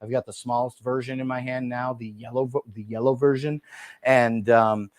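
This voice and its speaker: A man's voice: medium pitch, fairly even intonation, moderate pace, no echo. Chatty guy selling gadgets on a livestream. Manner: chatty, hesitant with fillers, calls viewers dude and bro. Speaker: livestream shopping host. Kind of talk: casual product showcase livestream. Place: small room at a desk. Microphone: desk microphone.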